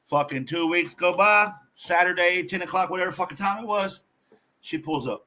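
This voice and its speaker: A man guest on a podcast, telling a personal story in a blunt, profane, animated way. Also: sits high, moderate pace. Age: adult.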